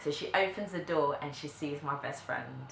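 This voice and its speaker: A young woman, telling a story to camera in a chatty way, full of filler likes and quick laughs. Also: sits low, gravelly, a bit bright. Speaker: vlogger. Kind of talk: casual storytime chat. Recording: echoey room, faint background noise.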